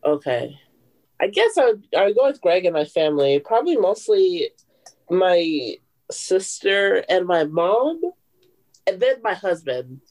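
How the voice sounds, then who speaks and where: A woman's voice: lowish voice, very animated, unhurried, a little mellow. A woman telling family stories in a casual chat, with dry, sarcastic humor.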